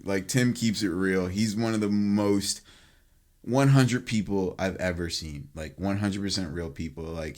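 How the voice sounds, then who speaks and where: A young man co-hosting a podcast, telling a rambling story with swearing and bursts of laughter. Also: low voice. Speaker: podcast co-host. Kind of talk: casual storytelling chat.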